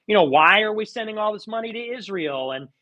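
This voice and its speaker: A man with a high, bright, sharp-edged voice ranting in a live audio chat. His talk is sarcastic and mocking, with sudden theatrical outbursts. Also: expressive, fast, lo-fi sound. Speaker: streamer.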